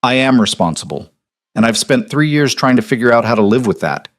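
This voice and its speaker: A man playing a guilt-ridden former crime boss who speaks quietly and with remorse. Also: mid-range voice, animated, fairly quick, close to an everyday voice. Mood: remorseful.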